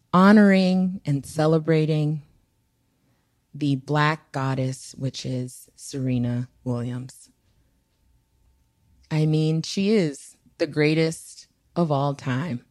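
A woman co-hosting a podcast, talking in an enthusiastic, animated way. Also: deep voice, no room sound, clean studio sound. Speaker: podcast co-host. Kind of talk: casual podcast chat.

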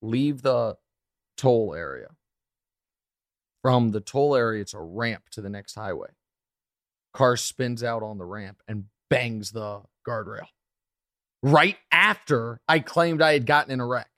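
A podcast host in his thirties tells a story with quick, lively asides. His voice is mid-pitched and sits close and dry on the mic. He talks in a relaxed, chatty way. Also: dry recording. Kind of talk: casual podcast chat.

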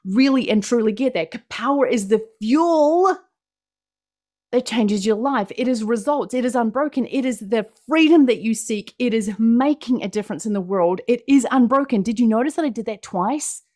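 A woman's voice: on the high side, moderate pace, mellow. Exuberant New Zealand woman speaker. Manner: exuberant, emphatic, repeats phrases for punch. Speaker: motivational speaker. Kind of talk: motivational presentation.

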